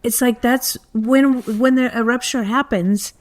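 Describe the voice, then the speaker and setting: A woman on a podcast joins a casual conversation and reflects thoughtfully on what the others have said. Her voice is an everyday speaking voice at a middle pitch. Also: fairly even intonation, measured pace. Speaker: podcast co-host.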